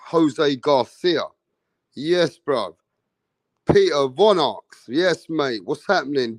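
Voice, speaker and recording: A man's voice: fairly high pitch, no echo. A young man hosting a live boxing stream, calling out viewers by name in casual street slang. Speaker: boxing livestream host.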